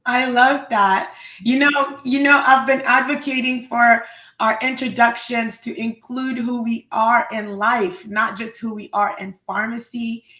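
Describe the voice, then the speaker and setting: A woman's voice: fairly high pitch, fairly even intonation, a little slow, bright, forceful tone, echoey room, poor audio. A woman hosting a live online talk show, effusive and upbeat as she introduces her guest. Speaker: host.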